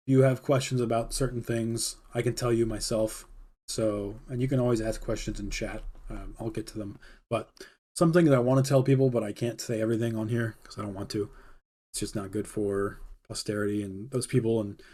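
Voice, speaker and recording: A man's voice: lowish voice, steady tone, normal speed, dark tone. Laid-back young man telling stories. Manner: rambling, laid-back, heavy on fillers. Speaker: livestream host. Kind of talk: casual storytelling.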